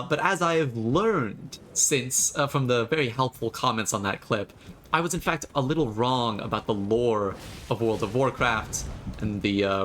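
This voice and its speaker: A man streaming himself playing a video game, talking casually with rambling, sarcastic asides and animated bursts. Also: mid-range voice, slight background noise. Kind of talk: casual gameplay commentary.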